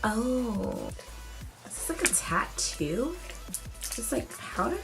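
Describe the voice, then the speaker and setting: An excitable woman YouTuber talks her way through a gift unboxing at home. Her voice sits at an ordinary middle pitch, and her chat is loose and full of slang. Soft music plays faintly underneath. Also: measured pace, rough recording. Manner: bubbly and excitable, casual slang. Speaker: beauty YouTuber. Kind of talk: casual unboxing vlog.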